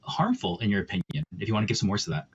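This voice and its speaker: A man's voice: lowish voice, huge pitch swings, racing, husky. A man hosting an online panel discussion, talking in a casual, rambling way full of fillers. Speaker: panel host. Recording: dull lo-fi stream audio.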